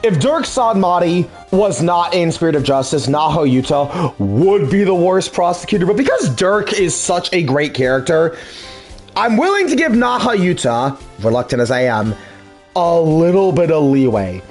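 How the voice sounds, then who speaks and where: A young man hosting a let's play, giving casual, excitable commentary and swearing as he rants. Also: fairly high pitch, moderate pace, soft background music. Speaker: let's play host dubbing a game.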